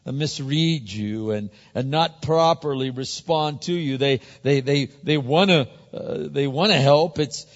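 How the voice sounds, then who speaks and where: A man's voice: mid-range voice, measured pace, hardly any pauses. A male pastor preaching a conversational sermon, often repeating words as he builds to a point. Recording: muffled sound with long hall reverb.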